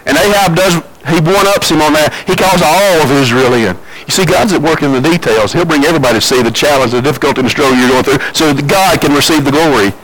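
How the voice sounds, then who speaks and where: A man preaching a sermon, telling the story with big swings between loud and quiet and repeating phrases for emphasis. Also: fairly high pitch, fast talker, few pauses, a little hiss or hum, poor audio.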